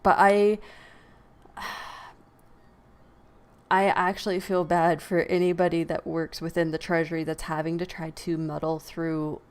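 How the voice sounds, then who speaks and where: A woman's voice: on the low side, a little slow, pauses often, smooth. A woman hosting a podcast, giving opinionated casual commentary with frequent laughs and sighs. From United States. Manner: animated, laughs often, sighs. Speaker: podcast host.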